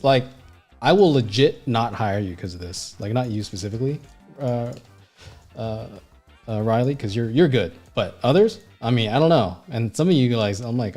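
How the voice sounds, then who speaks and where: A man's voice: medium pitch, darkish tone. A man teaching art on a livestream in casual, blunt talk full of swearing, fillers and restarts. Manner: blunt and profane, heavy fillers like "you know what I mean"; emphatic, rambling with frequent restarts. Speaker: art instructor and designer.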